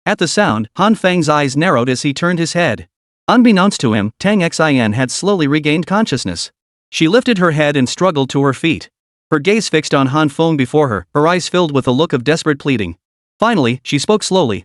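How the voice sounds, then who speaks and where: A man's voice: fairly high pitch, expressive, moderate pace, dry recording, clean studio sound. A man giving scripted, dramatic narration of a comic story.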